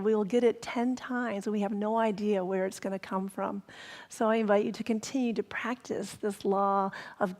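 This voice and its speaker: A woman reverend giving a sermon, telling stories gently and sometimes dropping to a whisper for emphasis. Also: medium pitch, big-room sound. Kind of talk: sermon storytelling. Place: spiritual center hall.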